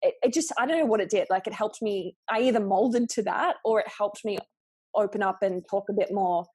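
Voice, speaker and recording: A young Australian woman hosts a podcast in a quick, chatty way, her sentences full of "like" and loose restarts. Her voice sits at an ordinary middle pitch in a dry, close sound with no room in it. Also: a little mellow, slightly rough, no echo. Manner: fast-talking, chatty, full of "like". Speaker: podcast host. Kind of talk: casual conversation.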